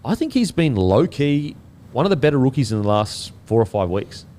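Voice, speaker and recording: A man hosting a casual sports podcast, relaxed and swearing now and then, tripping over player names. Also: mid-range voice, moderate pace. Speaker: podcast host.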